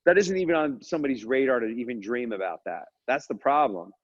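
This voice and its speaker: An energetic man hosts a casual podcast, talking fast and joking as he wanders off on tangents. His voice sits at a middle pitch and comes through a dry, close mic. The sound is a little dull, like compressed podcast audio. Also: no room sound. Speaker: dental practice business coach, podcast host.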